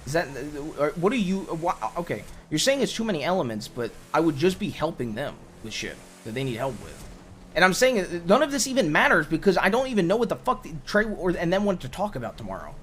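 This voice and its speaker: A man doing a flustered, exasperated young man who keeps begging his partner to hear him out. His voice sits a little high and swings widely as he repeats himself and restarts sentences. A faint hum of noise sits under the game roleplay. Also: huge pitch swings, fast, fairly bright tone. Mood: frustrated. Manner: pleading, repeats himself, stumbles over restarts. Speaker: roleplay character.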